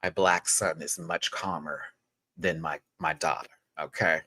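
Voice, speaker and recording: A young man talks through a reality show review in a loose, chatty way. His voice is bright and clear, and he often jumps up into high exclamations. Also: unhurried. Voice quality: expressive, animated, swings into high exclamations. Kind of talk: casual commentary.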